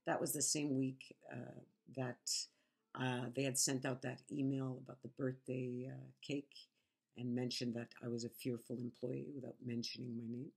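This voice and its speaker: A woman's voice: a bass voice, flat delivery, normal speed, creaky, a little mellow. A woman vlogger telling her story in a casual monologue, frank, sarcastic and emphatic.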